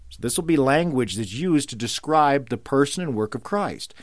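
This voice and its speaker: A man's voice: mid-range voice, animated, normal speed, dry recording, studio quality. A man preaching a sermon, building to ringing emphasis when he quotes scripture.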